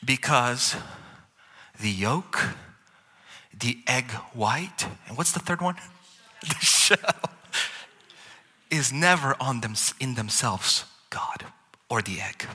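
A male pastor delivers a sermon in a very bright, forward voice. He is lively and playful, tossing in jokes and asides as he teaches. His voice carries a long reverb from a large church hall. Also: medium pitch, slow, long pauses, breathy edge.

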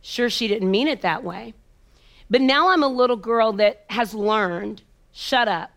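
A woman motivational speaker recounts a personal story in a fairly high voice. She takes her time, leaning on repetition and dramatic pauses. At tender moments she sinks to a hushed near-whisper. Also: vocal fry. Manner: emphatic, repetitive rhythm.

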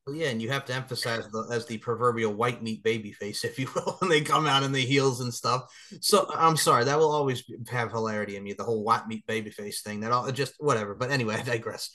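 Fast, enthusiastic New man host, emphatic and rambling. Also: medium pitch, bright, forceful tone. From Long Island, New York. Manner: enthusiastic, emphatic, digresses and laughs. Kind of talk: casual interview chat.

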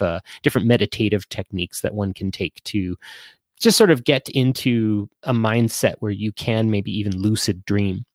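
A man's voice: lowish voice, no echo, clean studio sound. A man hosting a casual live-stream chat show, rambling with lots of fillers and restarts.

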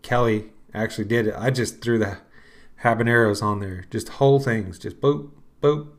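A man, middle-aged, hosting a podcast and talking casually in a rambling, unhurried way with lots of fillers. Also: fairly low pitch, fairly even intonation. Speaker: podcast host. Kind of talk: casual solo talk.

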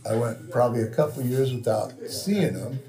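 Male guest, Californian accent, gravelly, profane storyteller who mimics others; light music bed. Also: medium pitch, moderate pace. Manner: swears freely, animated impressions of others. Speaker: tattoo shop owner, guest. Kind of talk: casual storytelling.

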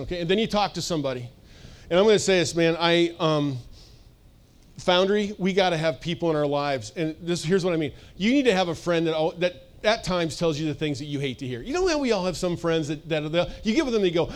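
Male pastor, casual sermon, animated delivery, slightly higher voice. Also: brisk. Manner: casual, animated, acts out voices, laughs often. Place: church service.

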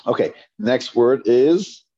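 In a dull, lo-fi class recording, a man teaches Hebrew reading, patiently sounding out syllables for students to repeat and often restarting phrases. His medium-pitched voice is mellow and slow.

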